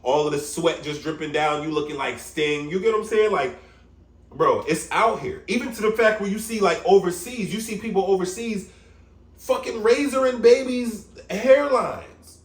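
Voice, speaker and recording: Animated New York barber, roomy echo. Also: male voice, high-pitched, moderate pace, distant mic. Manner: animated, swearing, repeats "you get what I'm saying". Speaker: barber vlogger. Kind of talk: casual vlog rant. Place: his room at home. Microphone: phone.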